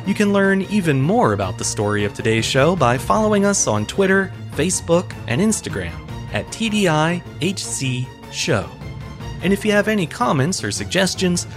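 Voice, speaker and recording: A man hosting a history podcast, telling a crime story in wry, measured scripted narration. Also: a little high, big pitch swings, faint music behind. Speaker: podcast host.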